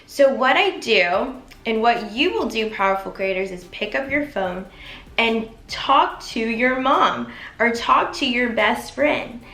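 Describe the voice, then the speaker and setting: A woman's voice: a little high, lively intonation, takes it slowly, fairly bright tone. A woman coaching viewers in an instructional vlog, upbeat and encouraging, speaking straight to her audience. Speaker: manifestation coach. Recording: echoey room.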